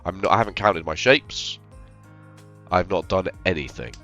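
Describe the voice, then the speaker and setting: A man's voice: sits low, moderate pace, fairly bright tone, lo-fi sound, faint music behind. A man, who is ill, casually thinking aloud over his game with rambling, self-deprecating remarks. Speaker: game streamer. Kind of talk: casual gameplay commentary.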